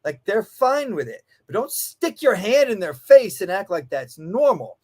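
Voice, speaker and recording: Man, dog trainer guest, high voice, lively swooping intonation, swears a lot, acts out quotes. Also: unhurried. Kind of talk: animated storytelling in casual conversation.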